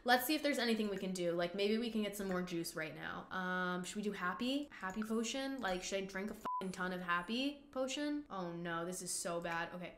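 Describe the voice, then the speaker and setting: A woman hosting a gaming channel, giving excitable, dramatic play-by-play commentary with frequent swearing. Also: mid-range voice, a little fast, hardly any pauses, echoey room, a little hiss or hum. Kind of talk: casual gameplay commentary.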